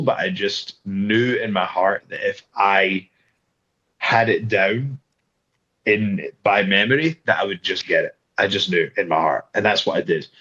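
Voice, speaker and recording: Animated male storyteller, low lo-fi voice. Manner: animated, acts out quoted voices, frequent restarts. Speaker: guest wrestler. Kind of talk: casual interview storytelling. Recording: slightly dull lo-fi sound.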